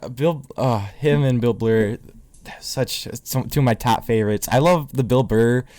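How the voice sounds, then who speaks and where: A man's voice: medium pitch, moderate pace, darkish tone, no echo. A young man co-hosting a casual podcast, laughing often and retelling comedy bits with energy. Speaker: podcast co-host. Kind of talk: casual chat.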